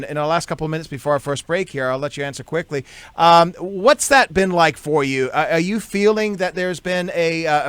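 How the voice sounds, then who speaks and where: A man's voice: a little high, a bit bright, smooth, no echo. A male radio talk show host interviewing a guest, easygoing with many fillers.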